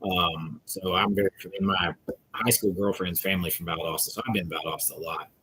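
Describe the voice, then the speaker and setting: Husky man chatting on stream. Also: deep voice, fairly even intonation, brisk, pushed and bright. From Georgia, US South. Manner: rambling, chatty, reads out viewers' comments. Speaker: channel host answering live chat. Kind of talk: casual livestream chat.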